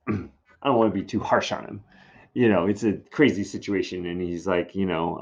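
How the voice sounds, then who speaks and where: A man's voice: low-pitched, moderate pace, a little mellow, breathy edge, lo-fi sound. A male teacher giving a recorded literature lesson, talking casually with wry asides.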